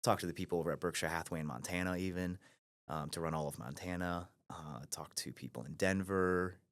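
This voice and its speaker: Man, thirties, from Ohio, very low voice, quick delivery, animated storyteller, restarts a lot. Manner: animated storyteller who acts out quoted voices, with frequent restarts. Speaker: guest, brokerage CEO. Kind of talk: storytelling in a podcast interview.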